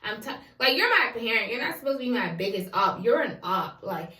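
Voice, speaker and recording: A young woman vlogs in a candid, rambling way, circling back over the same phrases with loose, slangy wording. Her voice sits fairly high, and the room gives it a noticeable echo. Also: sing-song, brisk, sharp tone. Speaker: vlogger. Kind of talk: candid confessional vlog. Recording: echoey room.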